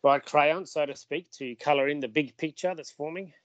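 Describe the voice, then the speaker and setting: A man's voice: fairly high pitch, moderate pace, no echo. A man co-hosting a podcast who banters playfully and asks curious questions, cracking jokes along the way. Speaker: podcast co-host asking questions. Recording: dry, dull lo-fi sound.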